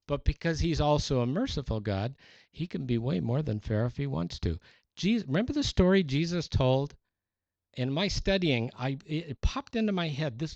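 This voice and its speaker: A male pastor preaching a sermon in an animated, conversational way with playful exaggeration. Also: mid-range voice, gravelly, dry recording. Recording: dull, dry sound.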